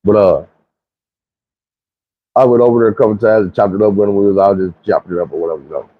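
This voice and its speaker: A man's voice: steady tone, quick pace, dry recording, phone-quality sound. A man telling a comic story in a casual, profane, rambling way. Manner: profane, slangy, rambling, leaps into high squeaky voices for quotes.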